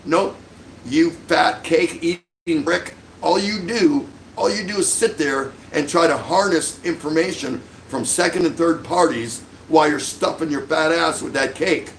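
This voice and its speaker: A man's voice: a little high, normal speed, few pauses, fairly bright tone, slight background noise, low-quality recording. A middle-aged man hosting a livestream, delivering an angry, sarcastic rant full of insults. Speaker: livestream host.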